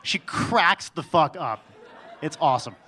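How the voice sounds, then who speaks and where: A man's voice: a little high, animated, a little slow, pushed and bright, a faint crowd. A man telling a personal story on stage in a wry, self-mocking way, often restarting his sentences.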